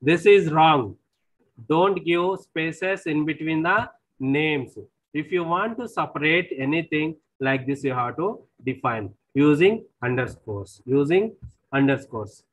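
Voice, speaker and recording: A man with an Indian English accent delivers a recorded classroom lecture in a slightly raised pitch. He explains patiently and repetitively, restating points and often prompting with "see". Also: expressive, slow, low-quality recording.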